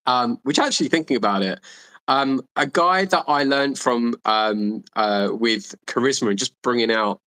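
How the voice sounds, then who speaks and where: A man speaking as a coaching guest in a casual podcast conversation, rambling and animated with many restarts. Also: mid-range voice, moderate pace, low-quality recording. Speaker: dating and charisma coach guest.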